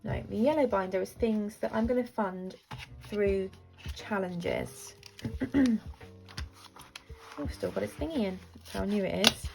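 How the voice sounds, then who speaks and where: A woman in her thirties talks through her budget in a casual, rambling way and pokes gentle fun at herself. Her mid-pitched voice carries a gravelly fry. Faint music plays quietly underneath. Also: unhurried, long pauses. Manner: rambling, chatty, self-deprecating. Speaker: budgeting vlogger. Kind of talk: casual chat to camera.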